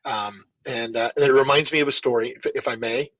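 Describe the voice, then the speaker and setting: Husky man telling lively stories. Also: mid-range voice, fairly quick, dry recording, lo-fi sound. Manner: animated storyteller, acts out quoted dialogue. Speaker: martial arts school owner, guest. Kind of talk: storytelling in a podcast interview.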